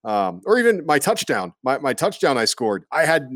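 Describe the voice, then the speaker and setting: A man from Iowa in casual sports chat, rambling with lots of fillers and breaking into goofy high voices when quoting people. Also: sing-song, normal speed, a bit bright, dry recording.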